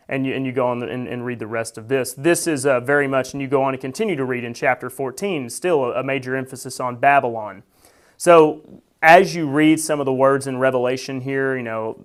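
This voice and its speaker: A man's voice: medium pitch, fairly even intonation, a little fast. A man teaching a Bible study in a casual, conversational way, with many fillers, who reads scripture aloud with emphasis.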